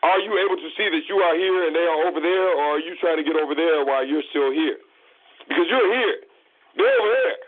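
A man's voice: a little high, steady tone, fast talker, few pauses, dry recording. A man hosting a call-in show, lecturing a caller in a blunt, profane, preachy way. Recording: phone-line audio.

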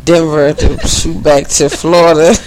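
A man from the Philadelphia–New Jersey area co-hosting a podcast, telling animated stories in casual chat and laughing often. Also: fairly high pitch, a little slow, a little hiss or hum, poor audio. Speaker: podcast co-host.

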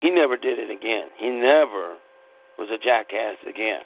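Middle-aged man, gravelly, blunt and profane storyteller; tinny phone-line sound. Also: on the low side, normal speed, slight background noise. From Pittsburgh, United States. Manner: blunt, profane, animated retelling. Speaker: podcast host. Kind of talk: rambling personal storytelling.

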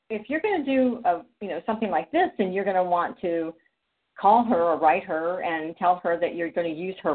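A woman telling a long, rambling story in casual conversation, with frequent restarts and quoted dialogue. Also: mid-range voice. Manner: chatty, rambling, many restarts. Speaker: podcast guest. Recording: phone-like audio.

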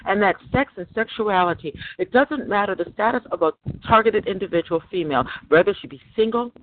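A woman's voice: medium pitch, lively intonation, fairly quick, a little hiss or hum. A woman hosting a casual podcast chat, talking emphatically and repeating her points. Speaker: podcast host. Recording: tinny phone line.

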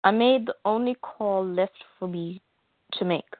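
Calm, steady male soldier read by a woman, plain delivery, phone-like sound, dry. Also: mid-range voice, unhurried, no echo, close to an everyday voice.

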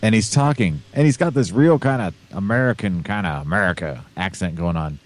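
A man's voice: lowish voice, big pitch swings, brisk, a little mellow, a little hiss or hum. A man co-hosting a podcast, chatting casually and rambling with lots of fillers. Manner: rambling, hesitant, with many fillers. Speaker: podcast co-host. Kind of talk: casual chat.

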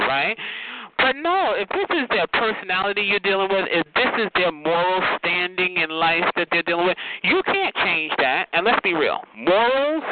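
Sassy, profane man caller, lively swooping delivery, raised voice, tinny phone line with hiss. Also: brisk. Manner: sassy and profane, calls listeners honey and child; animated with big pitch jumps and laughs. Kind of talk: casual rant.

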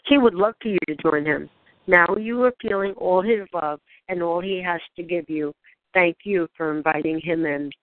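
A woman leading a channeled spiritual guidance session, speaking in gentle, questioning prompts to the listener. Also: fairly low pitch, normal speed, dry recording. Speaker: spiritual guide. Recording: dry, tinny phone-like sound.

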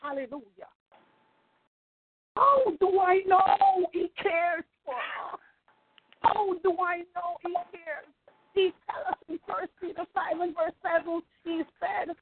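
A woman's voice: very high-pitched, takes it slowly. A woman pastor preaching a fervent sermon, repeating phrases and calling out praise. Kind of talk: sermon over a phone line. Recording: tinny phone line.

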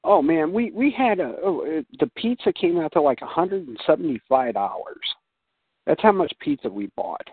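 A man, a guest on a casual talk show, telling animated stories and jumping high in pitch for quoted voices. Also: normal speed, breathy edge, no echo. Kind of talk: casual chat. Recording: tinny phone-like sound.

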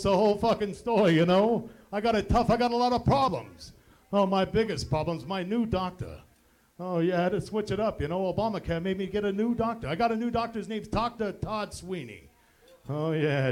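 A man doing a stand-up impression of a self-pitying older male comic on a tavern stage, always saying "oh yeah" and "I tell you". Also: high-pitched.

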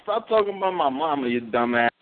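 A male host with a high, swooping voice, loudly taunting and swearing through crude banter. He sounds tinny like a phone line, with a faint hiss behind. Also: animated, fast talker. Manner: loud, profane, taunting, laughing often. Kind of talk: crude trash-talking call-in banter.

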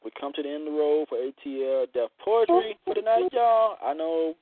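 A man's voice: fairly high pitch, expressive, fairly quick. A man hosting a casual radio talk show, joking bawdily and acting out other people's voices. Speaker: show host. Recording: tinny phone-line sound, dry.

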